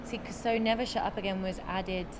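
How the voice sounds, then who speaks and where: A woman's voice: medium pitch, fairly even intonation, a little fast, background noise. Giggly woman telling backstage stories. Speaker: musical theatre actress, guest. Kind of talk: casual chat. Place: theatre venue.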